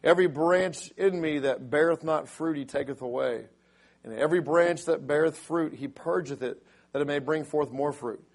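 A middle-aged man with a raspy voice, a pastor preaching a sermon who rises to loud, emphatic delivery when quoting scripture. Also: on the high side, moderate pace.

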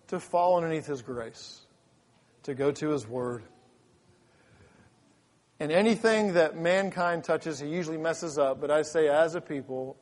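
A man preaching a sermon as pastor in a church, fervent and full of repeated restarts. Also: a little high. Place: church sanctuary. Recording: long hall reverb.

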